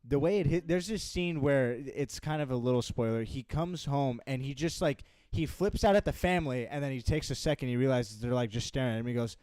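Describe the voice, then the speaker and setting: A young man in casual chat as co-host, talking earnestly and halting now and then with fillers and restarts. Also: medium pitch, a little mellow, no echo. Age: young adult.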